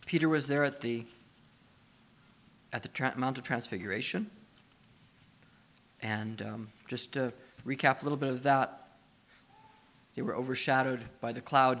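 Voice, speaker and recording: Middle-aged guy preaching, gravelly voice, chatty with questions to the crowd, gets loud and emphatic in spots. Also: mid-range voice, moderate pace, long pauses. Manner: conversational preaching with rhetorical questions, swelling to emphatic. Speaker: pastor. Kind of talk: sermon.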